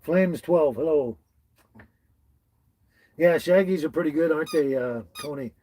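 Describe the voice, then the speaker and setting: Broadcasting from a tiny house with dogs around, this Canadian host from British Columbia welcomes viewers by name in a homespun, relaxed stream. He speaks at a measured pace in a slightly high voice with a dark tone, and the audio is poor.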